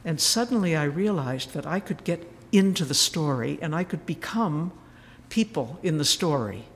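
A woman's voice: low voice, animated, moderate pace. A woman speaks at a spiritual retreat in a storytelling manner, voicing each person she quotes and letting some lines fall to a near whisper. The sound carries a long reverberant tail, as in a hall. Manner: storytelling, acting out quoted voices, dropping to a whisper.

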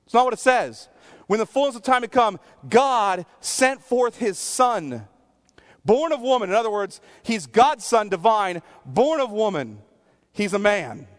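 A man preaching a sermon as a pastor, earnest, sometimes dropping to a soft near-whisper and sometimes pleading. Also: high voice, sing-song, measured pace.

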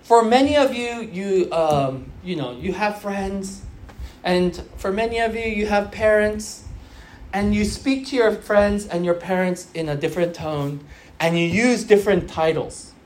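A man's voice: high voice, measured pace, a little mellow, a little hiss or hum. A man in his thirties preaching a sermon in a conversational way, asking rhetorical questions and explaining scripture. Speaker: pastor.

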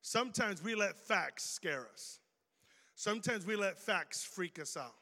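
Joking high-voiced pastor in a reverberant hall. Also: male voice, a little slow. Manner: animated, joking preaching. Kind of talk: sermon. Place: church auditorium. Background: long hall reverb.

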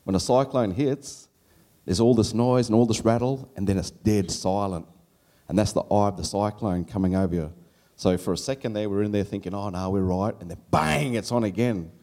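A middle-aged Australian man telling a personal story on stage at a live storytelling event, animated and laughing as he goes, his voice leaping up when he quotes his younger self. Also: lowish voice, normal speed.

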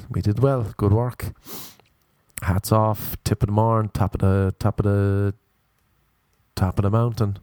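An Irish man in his thirties rambles through jokey advice as a podcast host. His voice sits low with a gravelly fry, and the sound is mellow and dry, with no room around it. He riffs loosely and often slips into silly voices. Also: dry recording. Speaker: podcast host and stand-up comedian. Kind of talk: casual comic advice chat.

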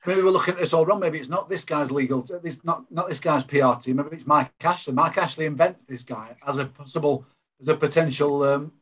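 A man's voice: a little high, fairly quick, fairly bright tone, breathy edge. A man on a video call, joking and spinning theories in a casual chat. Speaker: podcast co-host.

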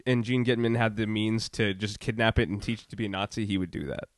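A man's voice: on the low side, fairly even intonation, fast, dry recording, clean studio sound. A man who co-hosts a podcast and makes music, talking in a laid-back, wry way. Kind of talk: casual comedic podcast chat.

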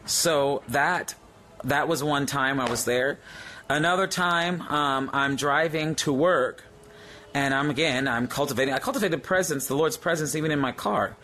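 A man, excitedly sharing a spiritual testimony in a casual, halting way full of fillers and restarts. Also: a little high.

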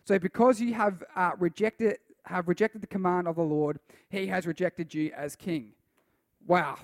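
High-voiced animated youth preacher. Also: male voice, normal speed, dry recording, studio quality. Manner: animated, acts out voices and reads scripture aloud. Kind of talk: sermon to a youth group.

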